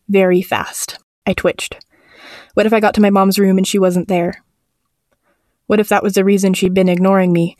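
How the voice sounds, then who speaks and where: A woman tells a first-person horror story at a medium pitch, measured and tense. Her voice is close and dry, with no room sound around it. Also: a little mellow, dry recording. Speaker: narrator.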